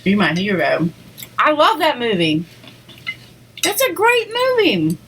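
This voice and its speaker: Against a noisy background, a woman mukbang vlogger rambles casually between bites, her little eating sounds audible. She speaks slowly, with a voice on the high side and huge swings in pitch.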